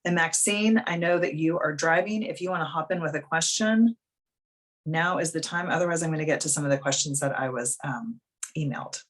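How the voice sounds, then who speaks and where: A woman's voice: low voice, a little fast. A woman life coach hosting a live video coaching call, talking frankly and bluntly in a casual, chatty way.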